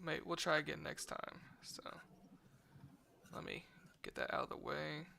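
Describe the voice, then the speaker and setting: Gravelly, sharp-toned man on a betting stream. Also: fairly high pitch, lively intonation, unhurried, slight background noise. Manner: reads stats aloud, chatty with viewers. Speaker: sports betting show co-host. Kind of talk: casual sports betting chat.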